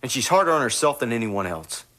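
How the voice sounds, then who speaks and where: An actor playing a gentle, sympathetic man in a daytime soap opera. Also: medium pitch, big pitch swings, fast talker. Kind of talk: 1990 daytime soap acting.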